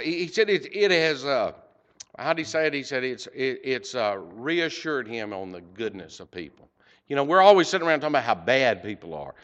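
A man giving a heartfelt report to a church congregation, halting and emotional, with many fillers. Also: mid-range voice, sing-song, fairly bright tone, lo-fi sound. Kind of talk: storytelling church talk. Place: church sanctuary.

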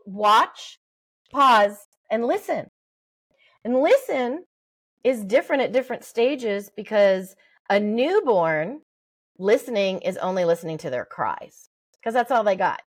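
A middle-aged woman giving parenting advice in a podcast interview, lively and acting out little exchanges with babies. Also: mid-range voice, measured pace. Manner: animated, acts out parent-baby talk. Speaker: guest, early development expert.

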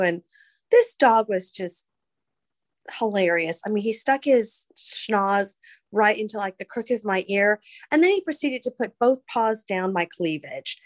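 A woman's voice: medium pitch, animated, unhurried, dry recording. A woman guest, chatting casually and emotionally about her story. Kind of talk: casual interview chat.

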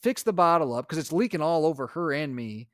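A young adult man, a podcast co-host and father, telling a story in casual chat and acting out his own lines with animated energy. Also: fairly high pitch, brisk, no room sound, clean studio sound.

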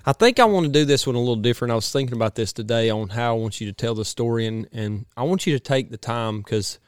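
A man, hosting a podcast in a home studio and chatting in an excitable, rambling way. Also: medium pitch, fast, clear, resonant tone, no echo. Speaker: podcast host. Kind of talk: casual chat.

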